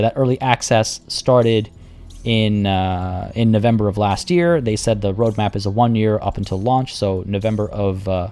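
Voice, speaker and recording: A man's voice: lowish voice, darkish tone. A man giving live commentary on a strategy game, thinking aloud and chatting with his viewers while losing his voice. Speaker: game streamer.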